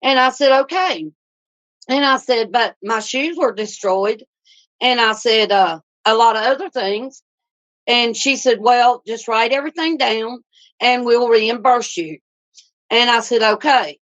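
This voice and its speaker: A woman's voice: on the high side, measured pace, fairly bright tone. A woman tells a customer complaint in a casual, indignant way, often quoting what she and the staff said. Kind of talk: casual spoken account. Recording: dull lo-fi recording.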